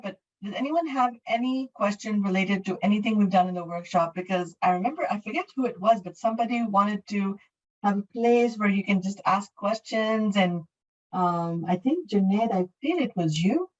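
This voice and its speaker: A woman's voice: medium pitch, normal speed, distant mic, muffled recording. A middle-aged woman from Canada teaching an English class online, explaining in a friendly way with many fillers and restarts. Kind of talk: online class, answering questions.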